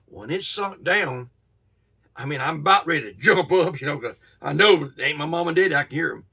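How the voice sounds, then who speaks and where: A middle-aged man, telling a childhood ghost story in a folksy, drawn-out way with sudden bursts. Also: a little high, animated, sharp tone, far from the mic. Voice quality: gravelly, husky. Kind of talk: casual spoken ghost story.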